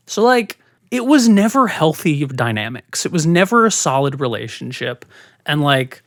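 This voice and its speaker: A woman's voice: low-pitched, normal speed, dry recording, clean studio sound. A woman guest frankly retelling a personal story in casual podcast chat, with many fillers. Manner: frank, animated retelling with lots of "like".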